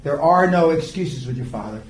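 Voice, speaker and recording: During a seminar lecture, an older mentor tells rambling stories bluntly and with profanity, his fairly high voice expressive and at normal speed. It's recorded from a distance in an echoey seminar room, with a slight hiss or hum.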